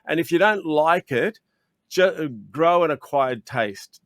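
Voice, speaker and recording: A man's voice: a little high, slow, no room sound, clean studio sound. An Australian man, a chocolatier guest in a video interview, telling stories eagerly and acting out chats with customers. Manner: animated, acts out customer exchanges, frequent restarts. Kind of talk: enthusiastic storytelling in an interview. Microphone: video call.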